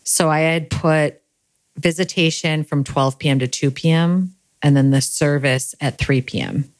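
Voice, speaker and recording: A woman's voice: low voice, unhurried, no room sound. A young adult woman, grieving, telling a candid, self-deprecating personal story in a casual monologue and laughing at herself.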